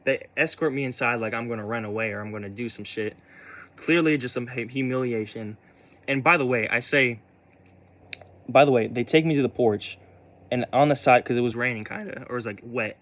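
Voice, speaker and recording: Halting, upset young man telling a story. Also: mid-range voice, a bit bright. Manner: halting, many restarts and repeats, upset, swears. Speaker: vlogger. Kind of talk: casual personal storytelling.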